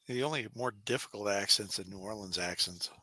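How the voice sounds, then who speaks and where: A man co-hosting a podcast, chatting casually and tossing in quick jokes. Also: fairly low pitch, bright, forceful tone, breathy edge, no room sound. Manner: joking, quick quips and silly voices. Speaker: podcast co-host. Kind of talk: casual chat.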